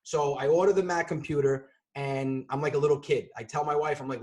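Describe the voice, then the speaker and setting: A man telling a fast, animated comic story as a podcast guest over a video call, bursting into shouts at times. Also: fairly high pitch. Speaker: comedian and guest. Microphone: video call on a computer.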